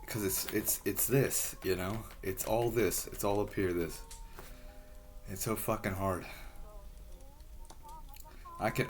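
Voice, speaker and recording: A man in a rambling personal monologue, halting and frustrated, swearing heavily as he talks. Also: deep voice.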